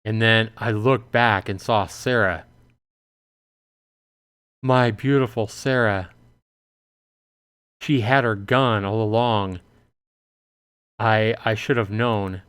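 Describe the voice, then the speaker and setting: A man streaming a visual novel, reading the text aloud into a close mic and breaking into excitable outbursts. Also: fairly low pitch, slow, pauses often, clean tone. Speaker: game streamer.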